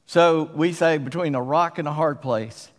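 Southern preacher in a reverberant hall. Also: male voice, on the high side, normal speed. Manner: folksy, conversational preaching. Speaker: pastor. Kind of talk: sermon. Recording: long reverb of a church hall.

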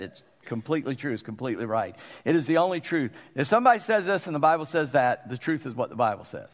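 A man preaching a sermon as pastor, folksy and conversational, with emphatic pauses. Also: on the high side, long reverb tail.

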